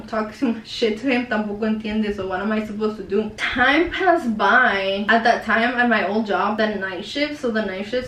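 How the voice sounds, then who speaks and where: Chatty young woman, roomy distant sound. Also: mid-range voice. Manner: casual and profane, heavy use of "like" and "dude". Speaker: vlogger. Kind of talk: casual storytime. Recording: roomy echo, a bit far from the mic.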